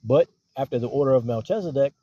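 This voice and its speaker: A man preaching in a casual, conversational way. He keeps checking in with his listeners and slows down to read scripture aloud. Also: mid-range voice, slightly rough, dry recording. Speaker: street preacher teaching scripture. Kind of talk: casual sermon with scripture reading. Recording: dull lo-fi recording.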